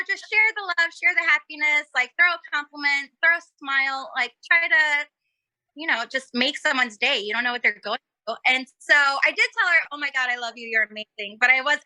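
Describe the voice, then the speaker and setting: A woman's voice: high voice, sharp tone, no room sound. A woman guest chatting casually on a talk show, telling stories with lots of giggles and acted-out quotes. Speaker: podcast guest. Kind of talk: casual chat.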